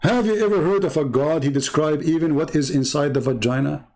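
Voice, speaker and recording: A man with a fairly high, gravelly voice gives a polemical monologue as a show host. He talks in a mocking, emphatic way, firing off rhetorical questions and repeating phrases for effect. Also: brisk, a little mellow. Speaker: religious debate host.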